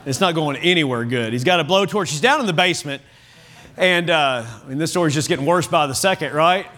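A middle-aged pastor from the United States preaching in a church, reading scripture and adding lively, chuckling asides. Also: male voice, fairly high pitch, fairly quick. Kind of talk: sermon. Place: church sanctuary.

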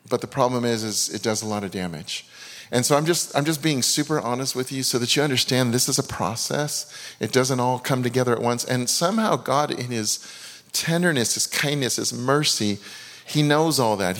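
A man's voice: mid-range voice, a bit bright. Male preacher, 50s, mid-range voice, earnest testimony, long hall echo. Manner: earnest, confessional, with many restarts and quoted asides. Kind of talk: sermon with personal testimony.

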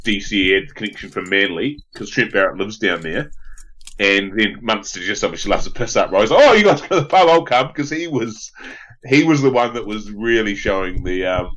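A man's voice: lowish voice, sharp tone, poor audio. An Australian man telling a rambling story on a casual sports podcast, laughing now and then. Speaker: podcast co-host.

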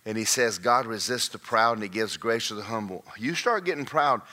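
A male pastor preaching a sermon, swinging from folksy joking asides to shouted, singsong climaxes. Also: on the low side, expressive, brisk.

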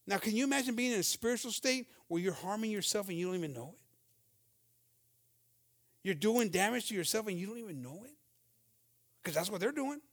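A man with a notably high-pitched voice delivers a sermon. His preaching is fervent and emphatic, and he keeps driving his points home with amens and hallelujahs. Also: animated, a little fast, long pauses.

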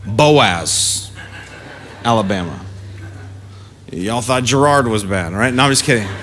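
A man preaching a sermon as pastor, passionate, building to shouted exhortation. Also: fairly low pitch, animated, takes it slowly, slight background noise. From family roots in the American South. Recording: faint music under the voice.

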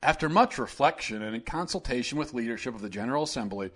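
A man putting on a mocking impression of a middle-aged male politician who drones in halting, circular phrases. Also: mid-range voice, expressive, pitched below the performer's own voice, natural voice. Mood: droning.

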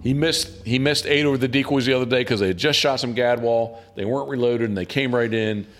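A man's voice: mid-range voice, fast talker, a little hiss or hum. A man hosting a podcast in loose, rambling casual chat, often restarting his sentences. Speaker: podcast host and hunting guide.

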